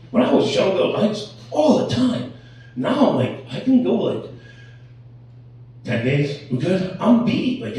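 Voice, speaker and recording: A middle-aged man doing a crude stand-up set, telling stories with animated delivery. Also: fairly high pitch, recorded from a distance. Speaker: stand-up comedian. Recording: echoey room, heard from off-mic.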